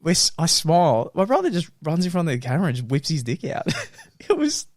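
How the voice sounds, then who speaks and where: A man's voice: fairly high pitch, fast talker, no room sound. A young man, chatting as podcast co-host, telling stories with plenty of laughter. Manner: animated storytelling, laughs a lot. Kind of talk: casual chat.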